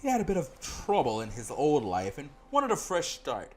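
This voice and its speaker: A fabulous small-town cafe owner, showy and drawn-out, put on by a man reading game dialogue. He talks up loudly with lively swoops of pitch. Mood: chatty.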